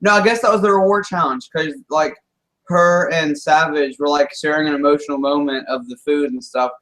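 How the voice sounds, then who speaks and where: A man talks in a fairly high voice, loose and jokey. He teases his co-host and laughs easily through a casual TV recap chat. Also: fairly even intonation, normal speed, a bit bright, rough recording. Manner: jokey, teasing, laughs often. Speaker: podcast co-host.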